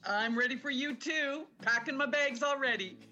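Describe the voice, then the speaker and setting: A woman's voice: sits high, moderate pace, bright, forceful tone, dull audio, faint music behind. A woman guest on a podcast, chatting casually with a giggly, teasing manner. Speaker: guest, office assistant. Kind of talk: casual chat.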